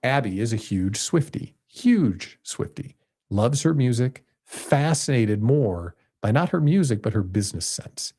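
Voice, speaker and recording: A man in his fifties hosting a podcast, telling a personal story in a casual, animated way and jumping higher in pitch when he gets excited. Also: a little slow. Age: 50s. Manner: animated storytelling, jumps high when quoting himself excitedly. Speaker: podcast host. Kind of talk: casual monologue.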